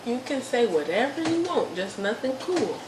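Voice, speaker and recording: A woman's voice: fairly high pitch, sing-song, normal speed, reverberant, background noise. A young woman teasing her mother in a casual chat, laughing often.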